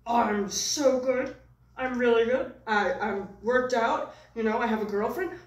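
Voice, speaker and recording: Woman doing a bragging puppet dude, loud, pitched up a bit, touchy when doubted, echoey room, far from the mic. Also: a little slow, lightly acted. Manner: bragging, then touchy and sulky. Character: boastful male puppet who loves working out.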